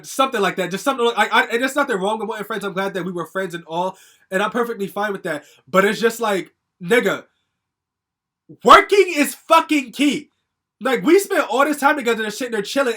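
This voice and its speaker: Fast-talking young man, angry rant. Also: fairly high pitch, a bit bright, slight background noise. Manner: angry, profane, ranting with many fillers. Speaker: vlogger telling a story. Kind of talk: casual storytime rant.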